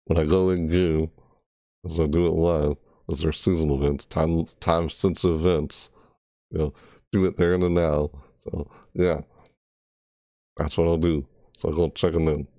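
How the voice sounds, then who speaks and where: A man's voice: very deep voice, flat delivery, normal speed, mellow, dry recording, clean studio sound. A man casually reacting to a game trailer, rambling and correcting himself as he goes. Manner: rambling, self-correcting, breaks into shrieked character impressions. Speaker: gaming video creator.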